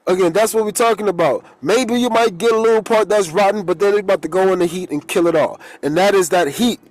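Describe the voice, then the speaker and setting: A man's voice: high-pitched, quick pace, no echo. A man, a holistic coach, giving a loose, rambling motivational spiritual talk full of homespun stories and blunt everyday slang. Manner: loose, rambling, streetwise preaching with folksy stories.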